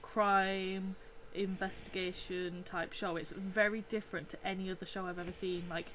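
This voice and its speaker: A woman in easy conversation with a friend, agreeing often and circling back to restate her points. Her voice sits at a middle pitch, and a faint hiss runs under the recording. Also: little pitch movement, moderate pace, fairly bright tone. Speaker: artist. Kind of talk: casual chat.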